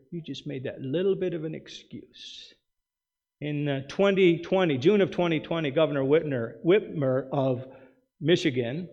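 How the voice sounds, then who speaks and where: A male pastor preaching a sermon, with emphatic rhetorical questions and quick asides. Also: a little high. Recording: dull sound with long hall reverb.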